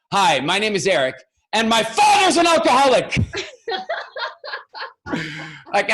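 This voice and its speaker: A man giving a keynote talk as a public speaking coach, telling a funny story in an animated way and acting out the voices of people in it. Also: high voice. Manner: animated, acts out voices and laughs through his story.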